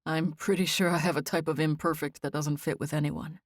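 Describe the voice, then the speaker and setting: A woman voicing a troubled young man who speaks in a low, halting, guarded way in a storybook reading. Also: fairly even intonation, no echo, clean studio sound. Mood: ashamed.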